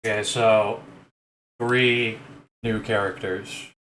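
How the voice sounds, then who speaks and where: A man's voice: lowish voice, little pitch movement, takes it slowly, fairly bright tone. A man narrating as game master of a tabletop game, loose and profane with stop-start phrasing. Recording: echoey room with faint noise.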